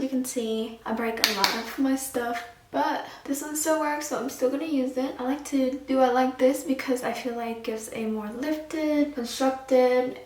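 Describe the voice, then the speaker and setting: A woman's voice: on the high side, echoey room, recorded from a distance, a little hiss or hum. A woman chatting casually through a makeup tutorial, sassy and talkative. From Houston, Texas. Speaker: makeup vlogger.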